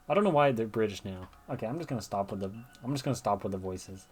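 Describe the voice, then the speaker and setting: A man's voice: lowish voice, lively intonation, quick pace, few pauses, darkish tone, slightly rough, faint music behind. A man giving chatty gameplay commentary, thinking aloud as he plays. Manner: chatty, thinks aloud, reads game dialogue. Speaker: gamer.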